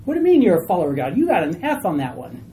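A woman voicing a mocking male devil who whispers rapid accusations. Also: on the low side, wildly swooping pitch, mellow, slight background noise. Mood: taunting.

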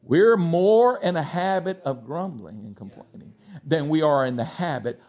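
A male pastor with a slight Texas twang preaching a sermon, swinging between loud exhortation and soft asides to the congregation. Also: on the high side, animated, normal speed, highs cut off.

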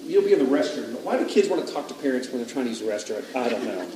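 A man who is a father, telling a childhood story in a casual, animated way on a podcast, often laughing. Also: medium pitch, rapid-fire. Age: adult father. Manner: animated, laughing, rises to loud retellings. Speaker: podcast speaker. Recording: roomy, distant mic with faint background noise.

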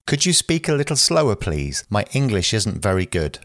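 A man reading short phrases aloud for language learners, slow and careful, one at a time. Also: on the low side, very animated, a bit bright, no room sound, clean studio sound. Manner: slow, careful, evenly paced phrase delivery. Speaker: phrasebook reader.

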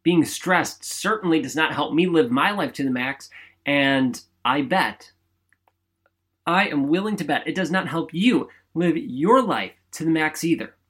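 A man's voice: fairly high pitch, expressive, measured pace, a bit bright, husky. A man hosting a podcast alone, giving an upbeat motivational talk in a chatty, emphatic way and often asking "right?". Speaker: podcast host. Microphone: studio microphone.

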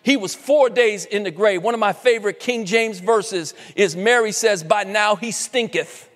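A man preaching a sermon with passion, building to shouts at the high points. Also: moderate pace. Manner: impassioned preaching, rising to shouts, voicing scoffing critics. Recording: long hall reverb.

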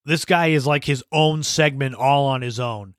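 A podcast host tells casual anecdotes in a storytelling monologue, laughing as he goes. His medium-pitched voice is clear, resonant and fairly bright, moving at a moderate pace, and the recording is clean studio sound with no room noise.

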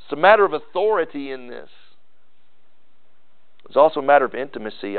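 A man's voice: mid-range voice, sing-song, brisk, long pauses. A male pastor preaching an earnest sermon, often restarting and repeating words. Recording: tinny phone-like sermon recording.

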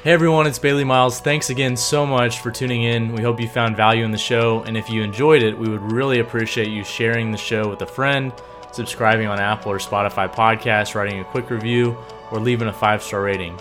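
A man hosting a podcast, asking quick-fire questions and giving a polished, upbeat sign-off. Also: mid-range voice, steady tone, over music. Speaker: podcast host. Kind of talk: interview and podcast outro.

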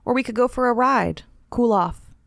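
A woman reading as a calm caring husband. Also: a little high, normal speed, creaky, dry recording, studio quality, voice pushed up. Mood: concerned. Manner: gentle, solicitous.

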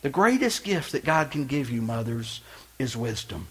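A male pastor preaching a sermon with passion, swinging from loud emphatic lines to quiet hushed ones. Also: mid-range voice, very animated, normal speed, slightly rough. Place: church.

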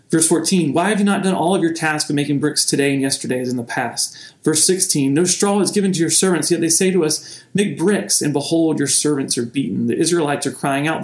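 A man's voice: on the high side, echoey room. A man preaching a sermon in a conversational teaching manner, often restarting his phrases. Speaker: pastor.

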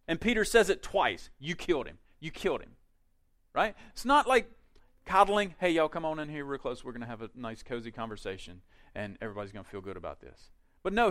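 A male pastor preaching a sermon in a conversational way, with quick asides and emphatic peaks. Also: sits high, fairly bright tone.

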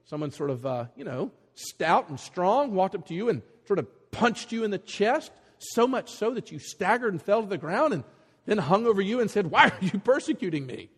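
Husky-voiced man preaching in a reverberant hall. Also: sits high, moderate pace. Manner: animated storytelling, acting out voices in quotes. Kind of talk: sermon.

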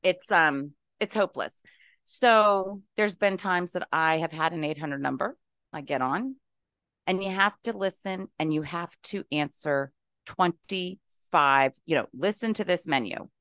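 A woman's voice: lowish voice, unhurried, a bit bright, no echo, studio quality. A middle-aged woman from West Virginia calling into a talk show, venting animatedly and with exasperation. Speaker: caller. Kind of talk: casual talk-show call-in.

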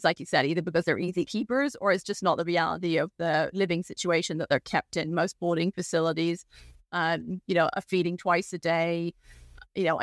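A woman's voice: on the low side, no echo, clean studio sound. A woman with an accent, a guest expert on a podcast, explaining horse feeding in a conversational way with plenty of "you know"s. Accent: non-local accent. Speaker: equine nutrition guest expert.

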